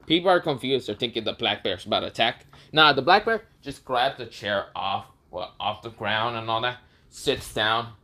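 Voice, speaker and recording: A man improvising a fan story out loud in a casual, swearing, often laughing way, with frequent restarts. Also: mid-range voice, moderate pace.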